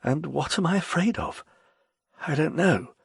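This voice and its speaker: A man's voice: on the high side, a little slow, creaky, breathy edge, no room sound, clean studio sound, pitched above the performer's own voice, heavily acted. A man voicing a frightened, embittered court poet who speaks in an anxious, quavering way. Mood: anxious, gloomy.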